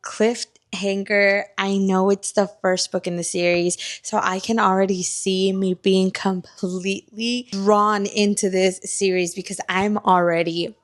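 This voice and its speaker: A young woman vlogging casually about books she is reading, chatty and animated, swearing freely. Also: mid-range voice, a little slow, few pauses, dry recording. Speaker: book vlogger. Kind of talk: casual reading vlog chat.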